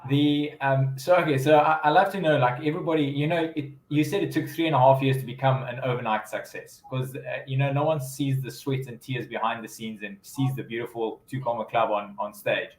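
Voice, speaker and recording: A man's voice: medium pitch, steady tone, fairly quick, few pauses. A man hosting an interview, reflecting and asking questions with frequent restarts. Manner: hesitant, many restarts. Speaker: host. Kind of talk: interview host chat. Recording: roomy echo.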